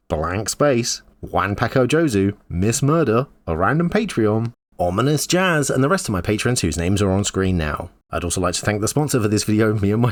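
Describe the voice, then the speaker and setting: Male host with a measured, conversational read on a recap, dry and close. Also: on the low side, no echo. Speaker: YouTube host. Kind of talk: scripted news recap commentary.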